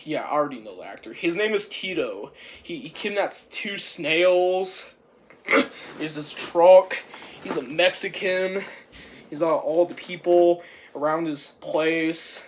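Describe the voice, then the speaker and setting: A man giving a rambling, casual movie review, halting and restarting with lots of fillers and repeated words. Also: fairly high pitch.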